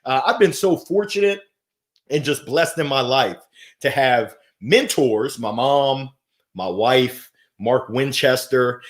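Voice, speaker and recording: A middle-aged man hosts a live motivational stream, slightly high-pitched and upbeat. He swings from soft to loud as he reads out viewer comments and answers them. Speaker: host of a weekly motivational livestream.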